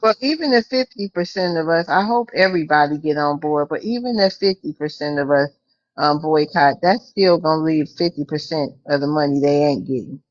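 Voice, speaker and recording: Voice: medium pitch, a little fast, no echo, highs cut off. A speaker in a casual group talk, easygoing and teasing. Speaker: panelist.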